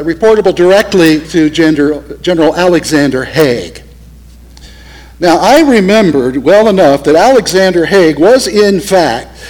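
A male pastor telling a story in a sermon, earnest and slowing down for emphasis. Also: fairly high pitch, darkish tone, poor audio.

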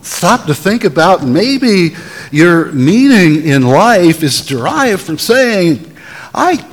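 A man preaching a sermon as a pastor, telling stories in a deliberate way and having the congregation answer back. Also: sits high, sing-song, big-room sound, rough recording. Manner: deliberate, storytelling preacher who has the audience answer back.

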